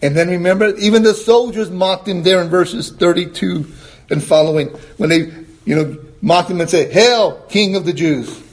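High-voiced preacher delivering an emphatic sermon. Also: male voice, fairly even intonation. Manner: emphatic, rising to high exclamations, asks the congregation questions; quotes scripture in a slower, lower voice.

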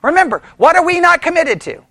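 A man leads a church Bible study with a strikingly high voice that swings up and down. He is animated and keeps checking in with his class. The sound is dry and close, with no room echo. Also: fairly quick, creaky. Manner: animated, talks to the class with frequent "right?" checks; mimics opponents in mocking quoted voices.

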